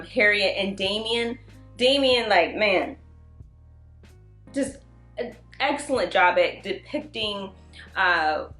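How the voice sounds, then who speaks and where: A woman casually recapping and reviewing TV episodes in an animated way, often acting out the characters' lines. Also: medium pitch, roomy sound. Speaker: TV review vlogger.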